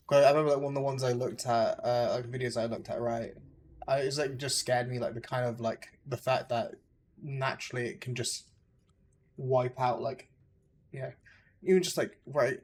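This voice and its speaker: A man's voice: medium pitch, darkish tone, slight background noise. A young man with an English accent, chatting loosely with viewers while streaming a game, full of hesitations and fillers. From England. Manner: rambling, hesitant, full of likes and uhs. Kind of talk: casual gameplay chat with viewers.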